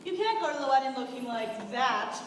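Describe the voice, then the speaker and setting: A woman's voice: high-pitched, animated, a little fast, a little hiss or hum. A teenage girl playing a drowsy, tipsy chaperone who drawls theatrically in a school stage musical. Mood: languid. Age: teens. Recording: echoey hall taped from far off.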